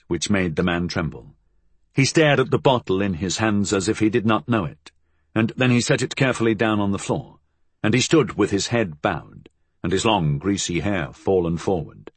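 Husky, low-voiced male narrator. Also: dry recording. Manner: measured storytelling. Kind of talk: audiobook narration.

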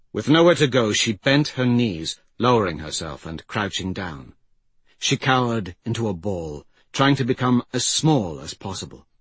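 A man narrating a fantasy story in a measured, grave manner. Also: mid-range voice, a bit bright, slightly rough, no echo. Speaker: audiobook narrator.

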